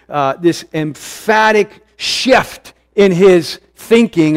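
A middle-aged pastor with a notably high voice delivers his sermon in an earnest, emphatic way. He leans on repetition and slows down on the words he wants to land. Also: clear, resonant tone. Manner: earnest, with emphatic repetition and slow stressed phrases.

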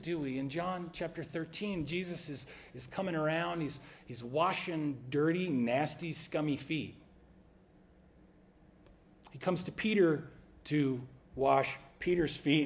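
Conversational man preaching, higher-pitched voice. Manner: drops to a quiet, low voice for emphasis. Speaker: pastor. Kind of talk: sermon.

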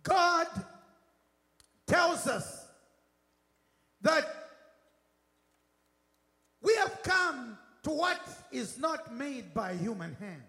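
A man preaching a fervent sermon with a British accent, often shouting and calling for the congregation's response. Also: very high-pitched. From Britain. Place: church. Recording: echoey church hall.

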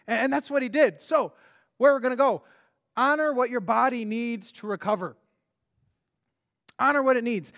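A pastor with a strikingly high voice delivers his sermon like a chat. He tosses out rhetorical questions and trips into quick restarts as he goes. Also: creaky. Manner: conversational, animated, with frequent restarts and rhetorical questions.

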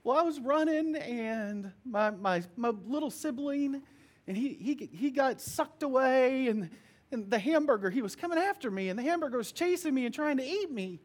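A man voicing a scared two-year-old girl who just woke from a nightmare, telling it in a rushed, stumbling way. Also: extremely high pitch, lively intonation, pitched above the performer's own voice. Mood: breathless.

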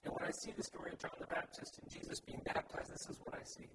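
Preaching at a fast clip, the pastor earnestly drives his message forward through repeated, emphatic lines. He's picked up by a far-off mic amid loud background noise.

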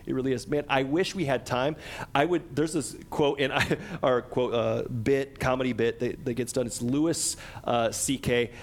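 A middle-aged man, a pastor, preaching a conversational sermon and acting out quotes with lively energy. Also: unhurried. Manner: conversational and animated, acts out quotes with a higher voice.

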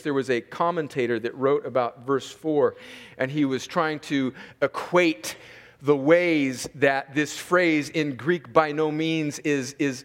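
A man preaching an expository sermon as a pastor, slowing down to stress key words and chuckling between points. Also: fairly high pitch. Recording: long reverb of a large hall.

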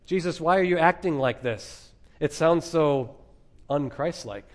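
A male pastor delivering an expository sermon in a fairly high voice. He preaches emphatically, leaning on dramatic pauses and rhetorical questions.

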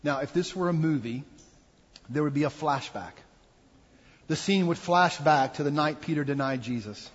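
Husky-voiced man preaching in a reverberant hall. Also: a little high, normal speed. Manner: earnest, reflective preaching with acted quotes. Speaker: pastor. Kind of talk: sermon. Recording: dull sound with long hall reverb.

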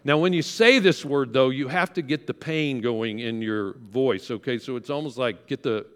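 A man's voice: medium pitch, moderate pace, fairly bright tone, clean tone. A pastor preaching a conversational sermon, coaxing his congregation to repeat words after him. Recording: long hall reverb.

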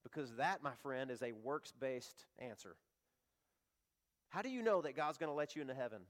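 A man's voice: mid-range voice, expressive, normal speed. A pastor, preaching an impassioned sermon and acting out the voices he quotes.

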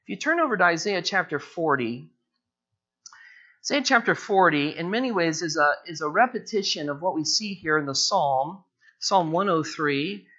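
A man preaching an expository sermon, repeating his phrases and slowing down, his pitch rising as he presses each point home. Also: expressive, bright, forceful tone. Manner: repeats phrases, slows down and rises in pitch for emphasis. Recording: dull lo-fi recording.

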